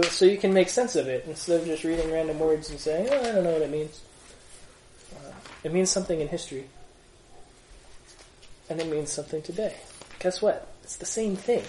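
A man leading a casual Bible study group, explaining passages in an animated, conversational way and asking rhetorical questions. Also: high-pitched, a little hiss or hum. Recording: echoey room.

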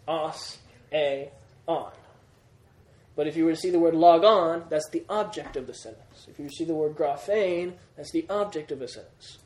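In a roomy-sounding classroom, a man with a slightly high voice and a darkish tone teaches a Greek grammar lesson. He is patient, repeating key points and checking that his students are following.

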